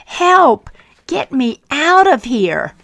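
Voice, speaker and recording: A woman voicing a frightened talking teacup in a storybook, crying out and protesting loudly. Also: mid-range voice, lively intonation, very slow, dry recording, heavily acted. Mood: pleading, panicked. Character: a frightened, pleading clay teacup being made.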